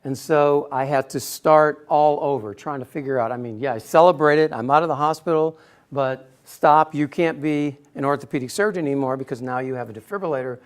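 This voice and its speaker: Animated storytelling man, high-pitched. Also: brisk, clear, resonant tone. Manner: animated storyteller, acts out quotes with sudden bursts. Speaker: speaker giving a personal talk. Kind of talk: storytelling speech to an audience.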